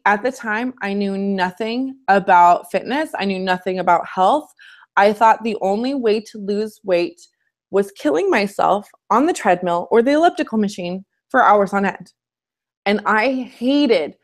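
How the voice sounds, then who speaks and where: Woman fitness coach, casual live-stream host at home; chatty, candid, personal delivery. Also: mid-range voice.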